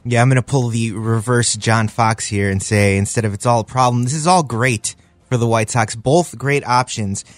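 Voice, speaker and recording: Upbeat guy on a sports panel, halting a bit, middle pitch. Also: fairly even intonation, no echo. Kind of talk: sports talk discussion.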